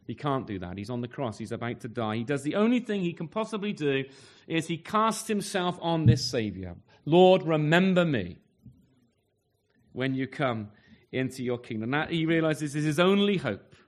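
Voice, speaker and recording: Male preacher, slightly high voice, earnest sermon delivery with rhetorical questions. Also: lively intonation, fairly quick, few pauses. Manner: earnest, rhetorical questions, wide swings in pitch and loudness.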